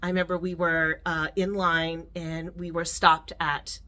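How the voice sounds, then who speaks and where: A woman's voice: lowish voice, little pitch movement, unhurried, pushed and bright. A middle-aged woman telling a personal story in a vlog, earnest and emotional, with fillers and restarts. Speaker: vlogger.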